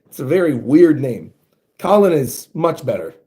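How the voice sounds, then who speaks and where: Animated man reacting while reading aloud. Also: fairly high pitch, moderate pace. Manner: animated, thinks out loud, reads panels aloud. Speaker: manga reaction host.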